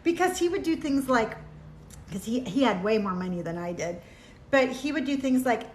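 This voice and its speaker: A woman talks casually to her live-stream audience, reading viewer comments aloud and breaking into quick quoted voices. Her voice sits high and bright. The sound carries a roomy echo from streaming on a phone. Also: lively intonation. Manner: chatty and candid, reads comments aloud, jumps into quoted voices.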